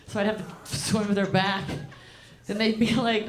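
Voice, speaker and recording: A woman performing a stand-up comedy set, deadpan and profane, riffing with the crowd from a club stage. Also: fairly high pitch, moderate pace, slight background noise.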